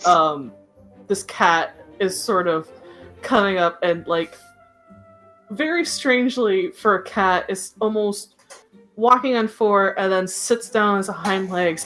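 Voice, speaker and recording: A woman's voice: medium pitch, fairly bright tone, rough recording. A woman narrating as game master, hesitant with many fillers.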